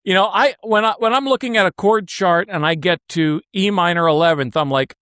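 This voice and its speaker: A man's voice: high-pitched, brisk, hardly any pauses, fairly bright tone, smooth, no room sound, studio quality. A man in casual chat, blunt and opinionated, swearing freely as he makes his case.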